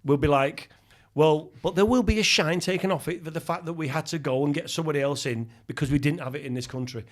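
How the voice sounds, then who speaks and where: A middle-aged English man co-hosting a podcast, giving firm opinions on football in casual chat. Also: a little high. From England. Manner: opinionated football talk, quick interjections. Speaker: podcast co-host.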